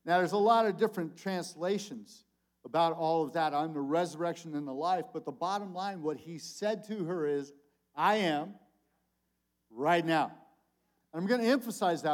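An older man delivers a sermon in a loose, conversational style. He swings from loud, emphatic calls to soft, low asides, and his voice sits a little high for a man. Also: moderate pace. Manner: animated, conversational preaching with big swings in volume. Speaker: conference speaker.

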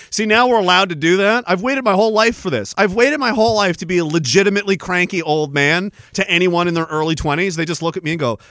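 A man's voice: sits high, expressive, a little fast, few pauses, fairly bright tone, no room sound, clean studio sound. A man in his thirties hosting a solo podcast, ranting in a rambling, profane, self-mocking way. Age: 30s. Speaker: podcast host.

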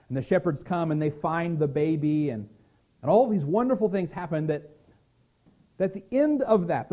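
A male pastor delivering a sermon in an earnest, gentle way. His voice sits a bit high for a man yet sounds mellow and warm. He now and then restarts a word as he speaks.

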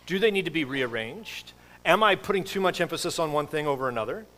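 A man's voice: fairly high pitch, animated, fast talker, pushed and bright. A middle-aged man giving a sermon as pastor, in a casual, rambling way with many fillers and restarts.

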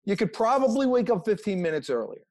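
A man talks as an interview guest, pushing motivational advice with a preachy energy. His voice sits high and swings widely in pitch. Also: very animated, fast talker, a little mellow. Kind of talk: casual interview talk.

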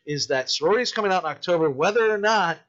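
A man who makes independent films, telling stories in casual podcast chat, animated and full of swearing. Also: high voice, fast talker, lo-fi sound. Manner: profane, animated storytelling. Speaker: independent filmmaker.

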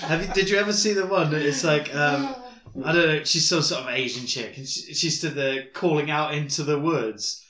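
A man's voice: on the high side, normal speed. A man co-hosting a podcast, joking crudely, swearing freely and laughing often. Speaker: podcast co-host. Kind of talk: casual crude banter. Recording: echoey room with steady noise.

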